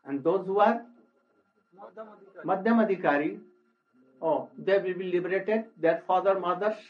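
A man, telling a sacred story as a sermon in a halting, exclamatory way, often breaking in with "oh". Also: high voice. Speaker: spiritual teacher. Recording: dull lo-fi recording.

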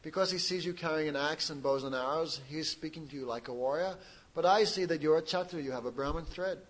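A man preaching a sermon, retelling a sacred story with lively asides and questions to his listeners. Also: on the high side, quick pace, rough recording. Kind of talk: sermon with retold scripture story.

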